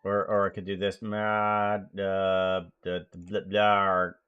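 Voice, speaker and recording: A man streaming live, chatting casually in a rambling, halting way as he works. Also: low-pitched, completely flat delivery, smooth, narrow, tinny audio. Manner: rambling, halting, self-correcting.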